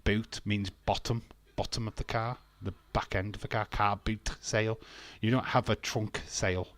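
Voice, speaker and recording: A man's voice: fairly low pitch, fairly even intonation, normal speed, fairly bright tone. A British man hosting a casual live watch-along, bantering and reading chat comments aloud with frequent laughs. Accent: British English. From England.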